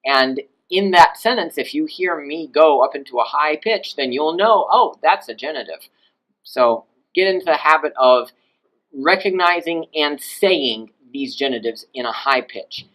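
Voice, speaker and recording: A man teaching Latin in a video lesson, explaining grammar and swooping his pitch up and down to demonstrate pronunciation. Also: expressive, measured pace, a bit bright, low-quality recording.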